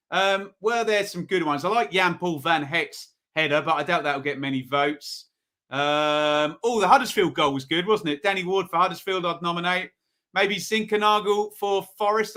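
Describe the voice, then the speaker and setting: A man's voice: fairly high pitch, bright, forceful tone. A man hosting a live football review show, chatting casually and reading out viewer votes. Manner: chatty, reads out viewer comments, pleading. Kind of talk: casual live-stream commentary.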